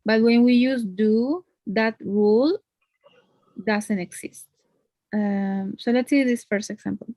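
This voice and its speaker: A woman's voice: a little high, slow pace, warm tone, no room sound. A woman teaching English grammar one on one, explaining patiently and checking in with tag questions.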